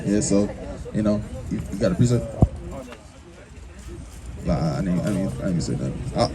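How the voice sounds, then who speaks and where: A male street preacher delivers his message in a forceful, confrontational way, repeating words and filling gaps with fillers. A crowd is clearly audible around him. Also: sits low, lively intonation, normal speed. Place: outdoors on a busy street. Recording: busy street crowd noise.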